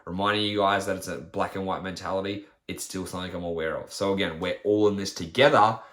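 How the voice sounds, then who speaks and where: A man's voice: low-pitched, fairly even intonation, fast talker, fairly bright tone. A man, a fitness trainer, ranting bluntly and profanely on his solo podcast. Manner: blunt, profane, rants with mocking quoted voices.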